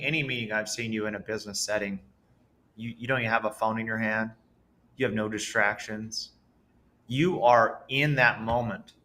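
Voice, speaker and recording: A man who founded a business, a podcast guest telling stories with enthusiasm. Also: on the low side. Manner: enthusiastic, animated storyteller. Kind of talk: casual podcast conversation.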